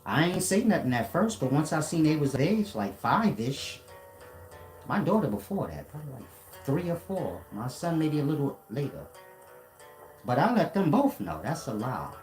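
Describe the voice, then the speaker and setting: Man, casual rant, profane and confrontational, echoey room, soft guitar faintly behind. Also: medium pitch. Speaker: commentator. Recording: roomy echo.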